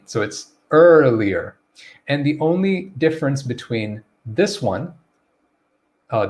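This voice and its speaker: A man teaching a live online English grammar and pronunciation lesson. He is relaxed and encouraging, greets viewers by name, and checks understanding with a quick "okay?". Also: mid-range voice.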